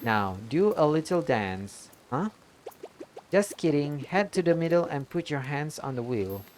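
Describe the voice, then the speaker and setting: Low-voiced woman streaming a game. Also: big pitch swings, a little slow, darkish tone, slight background noise. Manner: playful, mock-outraged, reads in-game lines aloud. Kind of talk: casual gameplay commentary, reading game dialogue aloud.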